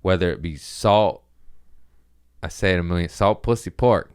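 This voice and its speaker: A man with a deep, smooth voice talks casually on his own podcast. He rambles loosely and crudely, mocking himself as he goes, and keeps it loose and unpolished. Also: moderate pace. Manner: rambling, crude, self-mocking and laughing often. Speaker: podcast host. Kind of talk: casual solo chat.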